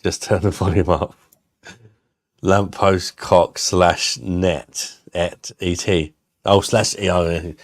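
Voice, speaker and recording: Low-voiced jokey man, dry sound. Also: fairly even intonation, slow, dry recording. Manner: banter-heavy, jokey and crude. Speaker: live stream host. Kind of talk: casual live stream chat with viewers.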